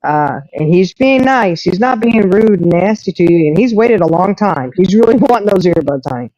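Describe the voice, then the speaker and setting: A woman's voice: fairly low pitch, normal speed, no room sound. A woman hosting a live stream, telling a story in casual chat and acting out what other people said. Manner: animated storyteller who acts out others' lines. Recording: muffled lo-fi dry audio.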